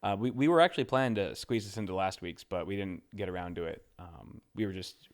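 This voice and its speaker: Lower-pitched man chatting on a podcast. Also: fairly quick. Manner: laughs often, stammers and repeats words. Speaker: podcast co-host. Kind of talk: casual podcast chat.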